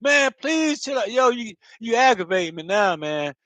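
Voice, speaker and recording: A man voicing his sister as an irritated grown woman who tells him to calm down, recorded dry and close. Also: extremely high pitch, moderate pace, no room sound, heavily acted. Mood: annoyed. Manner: irritated, telling someone to calm down.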